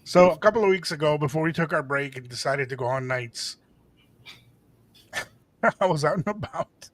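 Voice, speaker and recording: A middle-aged man co-hosting a radio show, telling a story in a lively way and acting out the voices of the people in it. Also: on the high side, moderate pace. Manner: animated, acts out quoted voices, mixes in Spanish phrases. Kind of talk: casual storytelling chat.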